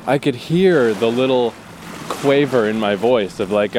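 A man speaking at a middle pitch, rambling through a relaxed solo podcast monologue. He is self-deprecating and curses casually as he talks. A faint hum of noise sits behind his voice. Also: a little slow. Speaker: podcast host.

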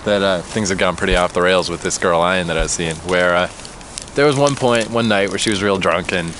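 Lowish-voiced young dude rambling and laughing at a picnic table outside, light traffic noise. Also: male voice, a little fast, fairly bright tone. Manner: laughs often, rambling and self-deprecating. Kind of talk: casual chat.

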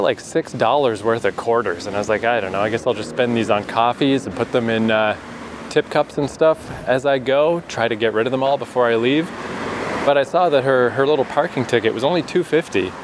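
A man's voice: medium pitch, brisk. A man from New Brunswick, Canada, chatting in a rambling casual travel vlog, laughing often as he talks. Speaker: travel vlogger. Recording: street traffic noise behind.

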